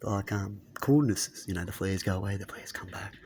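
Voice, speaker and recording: A man's voice: deep voice, moderate pace, a little mellow, a little hiss or hum. A man vlogging in a casual, rambling monologue, musing aloud and asking rhetorical questions.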